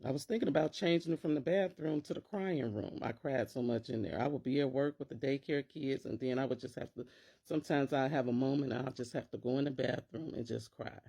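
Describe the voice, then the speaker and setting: A woman's voice: very deep voice, fairly quick, gravelly, warm tone, breathy edge. A middle-aged woman, a teacher and parent, talking casually to camera and acting out worried inner voices in quotes.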